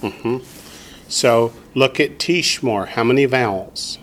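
A man at a mid-range pitch leads a classroom lesson. He speaks patiently and deliberately, stopping to quiz his students. His voice stays measured and steady. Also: a little hiss or hum. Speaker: teacher.

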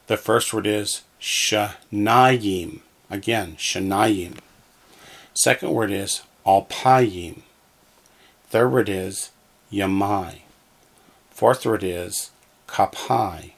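A man leads a language lesson, saying each word slowly and deliberately, with a gravelly edge to his voice. His pitch sits a little low, and he patiently repeats every word for his listeners to echo back. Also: a bit bright. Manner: patient, reads each word twice for echoing. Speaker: Hebrew teacher.

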